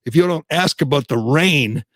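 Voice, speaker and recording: Male talk-radio host, raspy, a touch high, indignant, close dry studio mic. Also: lively intonation, moderate pace, fairly bright tone, no echo. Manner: heated, indignant and sarcastic; mocks others in put-on voices. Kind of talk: opinionated talk radio rant.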